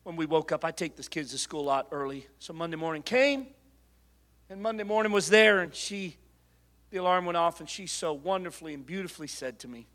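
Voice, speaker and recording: A middle-aged male preacher delivering a sermon, moving between quiet personal storytelling and loud, impassioned exhortation. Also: fairly high pitch, animated, fairly quick.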